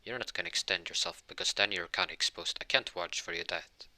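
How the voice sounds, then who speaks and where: A man voicing a gruff, bossy adult squad captain in an improvised fan story, speaking in a brusque, scolding way. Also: sits low, fairly quick, bright, forceful tone.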